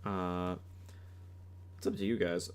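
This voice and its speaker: A man running a tabletop game as game master, narrating slowly and dramatically, with hesitant asides. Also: low-pitched, level tone, a little hiss or hum.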